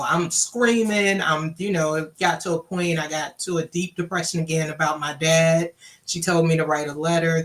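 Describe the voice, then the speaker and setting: A woman from Louisiana, candidly telling her personal story and acting out the dialogue she quotes. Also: low voice. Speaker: guest sharing her story.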